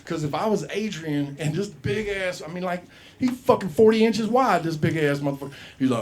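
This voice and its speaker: A man's voice: fairly high pitch, expressive, brisk. Profane rambling stand-up comedian man. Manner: profane, rambling, acts out voices in quoted bits. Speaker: comedy show host. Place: comedy club stage.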